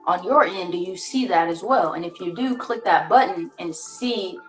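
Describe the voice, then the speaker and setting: A woman's voice: fairly low pitch, moderate pace. Slangy woman hosting a live stream. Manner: slangy, playful, coaxing. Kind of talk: casual live stream chat. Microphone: phone. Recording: echoey room with faint music.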